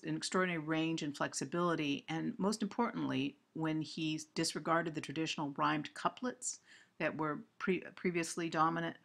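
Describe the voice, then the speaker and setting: A woman's voice: sits low, creaky, a bit bright. A woman giving a recorded literature lecture, explaining step by step with frequent ums and self-corrections.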